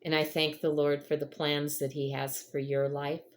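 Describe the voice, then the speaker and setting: A woman's voice: sits low, monotone, normal speed, slight background noise. A middle-aged woman hosting her own channel, telling a personal faith story to her viewers in an earnest, emotional way. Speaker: vlog host.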